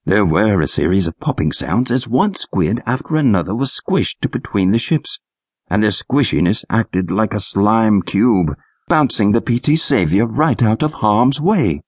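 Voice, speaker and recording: Male narrator for a kids' adventure audiobook, lively reads, slightly husky, dry studio sound. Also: lowish voice, a little slow, no room sound. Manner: lively, expressive storytelling. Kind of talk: scripted narration for children.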